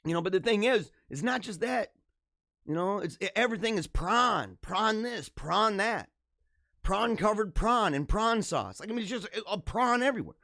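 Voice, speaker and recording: A man hosting a live show, giving casual, jokey commentary in an animated, ranting way and laughing often. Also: high voice, normal speed, no echo, clean studio sound.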